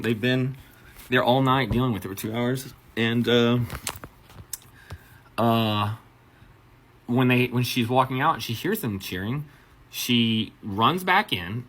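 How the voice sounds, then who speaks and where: A man's voice: medium pitch, moderate pace, long pauses. A man, a bartender and manager, telling a profane story-time anecdote and acting out the quotes. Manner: profane, animated retelling with acted quotes.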